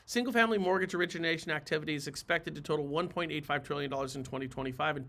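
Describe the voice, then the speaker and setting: Guy ranting about real estate, high bright voice, pushy and emphatic. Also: rapid-fire, hardly any pauses. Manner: emphatic, persuasive, repeats for stress. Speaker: real estate show host. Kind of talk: opinionated talk to camera.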